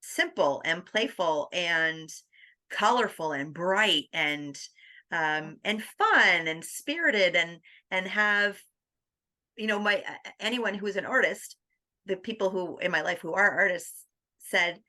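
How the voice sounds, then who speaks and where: A woman guest on an interview podcast, telling her story in a lively, animated way. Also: fairly low pitch, slow. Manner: animated, acts out quoted dialogue with laughs.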